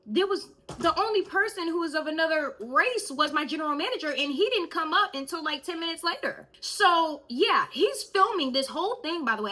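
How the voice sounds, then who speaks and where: A young woman telling a storytime vlog in an animated way, speaking straight to her viewers. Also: high-pitched. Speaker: vlogger.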